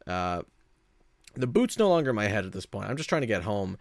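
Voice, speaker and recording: A man's voice: on the low side, big pitch swings, a little fast, dry recording. A young man telling a story in a casual, rambling way, full of fillers and restarts and laughing at himself.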